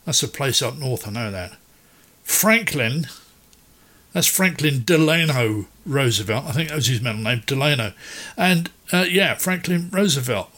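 A man's voice: on the high side, a bit bright. A man hosting a radio quiz in casual, jokey chat that keeps wandering off topic.

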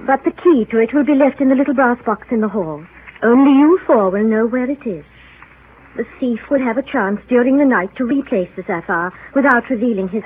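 A stern, authoritative aunt and lady of the house, played by a woman in a vintage radio play, her voice set a little high. She speaks firmly and formally. It comes through a narrow, phone-like broadcast with faint hiss. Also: natural voice. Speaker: aunt and guardian. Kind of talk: 1930s radio drama acting.

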